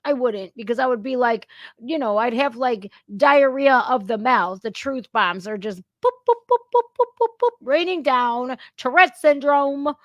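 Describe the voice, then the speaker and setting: Woman host, high voice, dry close sound, blunt, profane, ranting reaction commentary. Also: a little slow, no room sound. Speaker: commentator reacting to news clips.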